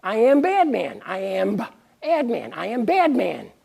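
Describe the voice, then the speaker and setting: A woman doing Adman, a gravelly blustering man. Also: on the high side, wildly swooping pitch, measured pace, dark tone, voice pushed up, full character voice. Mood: boastful. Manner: boastful, blunt.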